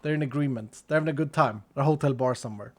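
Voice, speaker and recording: A man from Sweden talks loosely over his game stream with a Swedish accent, playful and full of joking digressions. His voice is medium-pitched and very fast, with a little hiss or hum in the recording.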